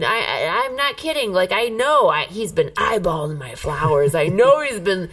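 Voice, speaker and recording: A woman's voice: on the low side, moderate pace, few pauses, recorded from a distance. A woman co-hosting a podcast, telling a heated story in casual chat, swearing a lot. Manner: profane, animated, heated storytelling. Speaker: podcast co-host.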